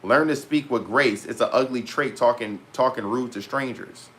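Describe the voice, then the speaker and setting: A young man vlogging in a casual, animated rant to his viewers, full of slang and repeated asides. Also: mid-range voice, normal speed. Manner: animated, heavy slang, repeats "bro" and "petty". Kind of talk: casual storytelling rant to camera.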